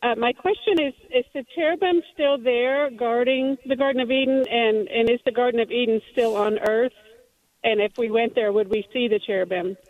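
A woman calling in to a radio program, asking her question earnestly and a little haltingly. Her voice is fairly high. It comes through a narrow, tinny telephone line. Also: steady tone. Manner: earnest, slightly halting, with small repeats. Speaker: caller. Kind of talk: call-in question. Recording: phone line.

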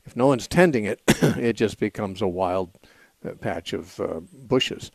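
A man hosting a call-in radio show, explaining scripture in a measured, patient way with frequent "uh" pauses. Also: on the low side, expressive, vocal fry, darkish tone, dry recording. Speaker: radio call-in host and Bible teacher. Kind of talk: unscripted call-in radio teaching. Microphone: studio microphone.

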